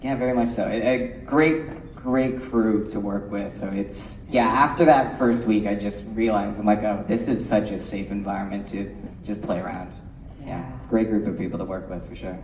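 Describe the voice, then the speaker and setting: A young man, an actor on a convention panel, telling an excitable story about his first week on set. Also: on the low side, moderate pace, distant mic, slight background noise. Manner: animated storytelling with laughs. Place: large convention hall. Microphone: handheld mic. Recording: echoey hall, mic from afar.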